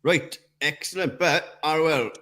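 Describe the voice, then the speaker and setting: A man's voice: on the high side, unhurried, fairly bright tone. A man hosting a running podcast, bantering casually with friends and swearing now and then. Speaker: podcast host. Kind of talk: casual chat.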